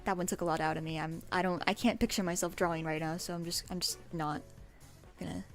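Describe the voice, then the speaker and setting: A woman's voice: on the low side, steady tone, quick pace. A young woman chatting on a livestream in a casual, rambling way. She giggles often and pokes fun at herself. Faint music plays behind her voice. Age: young adult. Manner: giggly, self-deprecating, rambling. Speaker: streamer.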